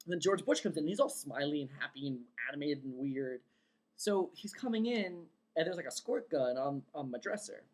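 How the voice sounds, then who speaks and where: A woman telling a long dream story in a casual vlog, rambling with lots of fillers and excited quoted outbursts. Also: sits low, a little fast. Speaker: vlogger.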